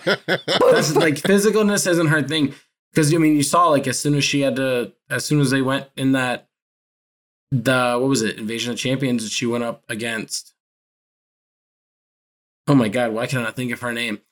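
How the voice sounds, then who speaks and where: A man in casual podcast conversation, his voice sitting at an ordinary middle pitch. He rambles, trips over his words and laughs along as he makes his points. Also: fairly even intonation, normal speed, long pauses, a bit bright. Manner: rambling, self-correcting, laughs often. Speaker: podcast co-host. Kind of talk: casual chat about a reality show.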